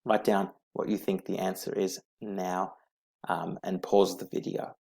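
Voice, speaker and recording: A man teaching English grammar from slides, explaining slowly and patiently and repeating each rule letter by letter. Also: sits low, flat delivery, creaky, a little mellow. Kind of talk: slide-based grammar lesson.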